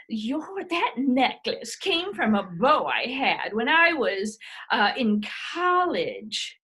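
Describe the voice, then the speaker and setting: Bright, high, swoopy saucy grandma, a woman doing the voice for an improv comedy bit. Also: slightly rough, full character voice. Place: home video call.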